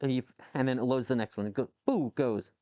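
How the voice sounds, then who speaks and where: This man talks fast in a warm, steady, medium-pitched voice as he machines on a live stream from his home workshop with a lathe. He rambles, swears and reacts to the chat, and the recording is dry.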